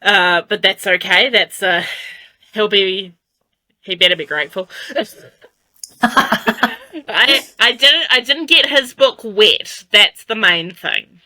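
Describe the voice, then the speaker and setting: Bright-voiced New Zealand woman chatting. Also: mid-range voice, animated, no room sound, poor audio. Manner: playful, quick to laugh. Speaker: podcast co-host. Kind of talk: casual chat.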